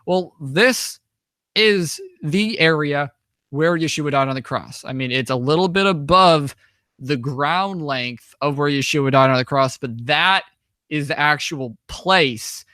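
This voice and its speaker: Bright-voiced young man telling stories. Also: on the high side, measured pace, no echo, clean studio sound. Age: young adult. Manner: rambling, many restarts and "you know". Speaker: guest, author and traveler. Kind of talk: casual storytelling over slides.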